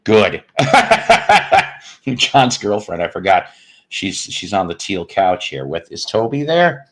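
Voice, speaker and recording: A man's voice: lowish voice, sing-song, slow pace, slight background noise. A man in his fifties hosting a casual live stream from home, greeting chat viewers and cracking puns and profane jokes. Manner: joking, punning, profane asides. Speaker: host of a live music stream.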